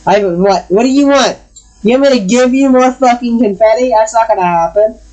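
A woman chatting casually while gaming, loudly scolding her cat, swearing and laughing. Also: on the high side, fairly quick, dull audio. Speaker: gamer.

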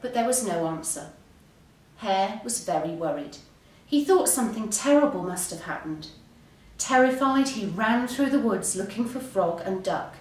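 A woman, an English teacher, reading a bedtime story aloud with expressive, unhurried storytelling. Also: medium pitch. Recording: roomy, distant mic.

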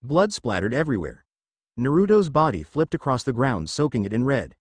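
Lively male fan-fiction narrator. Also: mid-range voice, fairly quick, breathy edge, dry recording. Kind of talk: reading fan fiction aloud.

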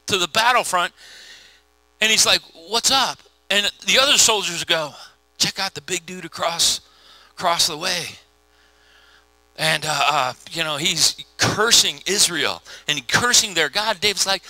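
A middle-aged pastor with a fairly high voice and a very bright, forceful edge. He tells the story in an animated, slangy way, putting on quick voices for each character. The sound is close and dry. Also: dry recording, low-quality recording. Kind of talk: casual conversational sermon.

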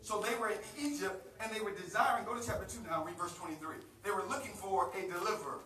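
An American man preaching a sermon as pastor, calling on a reader and building up to shouting. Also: sits high, fast talker, slight background noise. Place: church sanctuary. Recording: roomy live church recording from a distance.

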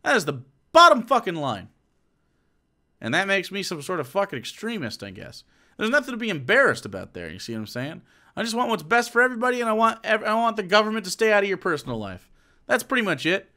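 A man's voice: high-pitched, big pitch swings, fast, sharp tone. A man streaming live, reacting to a clip in a sarcastic, profane rant.

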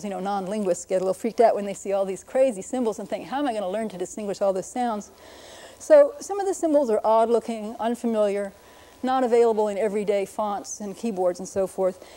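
A woman's voice: mid-range voice, warm tone, poor audio. A middle-aged woman, a linguist, giving an educational lecture, patiently explaining and carefully demonstrating pronunciations. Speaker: linguist presenter.

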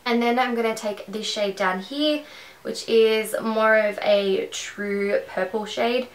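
A woman's voice: a little high, fairly even intonation, slow pace, reverberant, poor audio. A woman with an Australian accent talking through a makeup tutorial in a rambling, conversational way, at home. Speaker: beauty vlogger.

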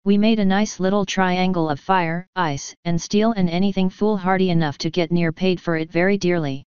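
Woman, story reader, steady first-person narration, dry close sound, slightly dull recording. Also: fairly low pitch, moderate pace, smooth, no echo. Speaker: fanfiction reader. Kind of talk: reading a story aloud.

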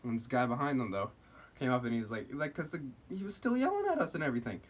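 A young man chatting into the camera for his vlog, telling an old work story. He rambles and leans on fillers at a mid-range pitch. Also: very animated, quick pace. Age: young adult. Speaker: vlogger.

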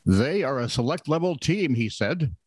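A man's voice: medium pitch, lively intonation, moderate pace, darkish tone, slightly rough, dry recording. A man co-hosting a casual comedic news podcast, reading odd stories and adding sarcastic jokes. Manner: wry, sarcastic joking. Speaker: podcast co-host.

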